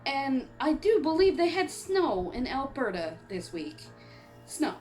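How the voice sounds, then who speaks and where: A chatty woman from Canada rambles through a casual horror film review, laughing often and talking with the hiccups. Her voice sits a bit high, and soft music plays behind her. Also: very animated, measured pace. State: has the hiccups. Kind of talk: casual movie review vlog. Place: home on an island in eastern Canada.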